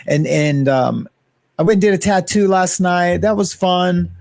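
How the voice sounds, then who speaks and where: Guy rambling on a livestream, kinda higher voice, reads out chat names, dry close sound. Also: measured pace, vocal fry, darkish tone, no echo. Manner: rambling, greets chat viewers by name. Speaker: livestream host.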